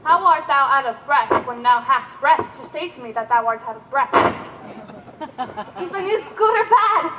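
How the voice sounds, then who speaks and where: A woman's voice: high voice, animated, measured pace, reverberant, very noisy. A woman playing an impatient young girl in love. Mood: pleading. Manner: impatient, pleading, giggly. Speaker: stage actor. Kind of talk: live outdoor Shakespeare performance.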